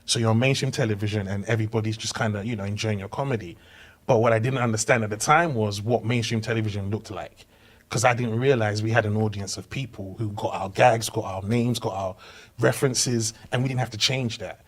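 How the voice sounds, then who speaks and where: British Nigerian comedian telling stories. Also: male voice, on the low side, steady tone, brisk. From Britain, Nigerian family. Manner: storytelling, acts out voices. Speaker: comedian guest. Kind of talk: casual podcast chat.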